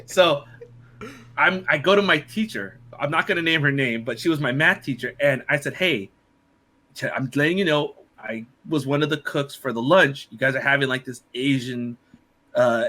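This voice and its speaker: A man's voice: mid-range voice, animated, moderate pace, pushed and bright. A young man casually telling funny stories to friends, laughing often and swearing freely. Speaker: podcast co-host. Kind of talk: casual storytelling among friends.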